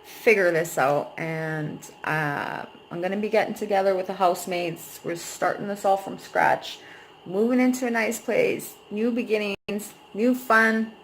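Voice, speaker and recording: A woman's voice: mid-range voice, fairly even intonation, measured pace, slight background noise, rough recording. A young adult woman vlogging, venting at length about a painful breakup in a rambling, emotional way and swearing freely. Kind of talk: personal venting vlog.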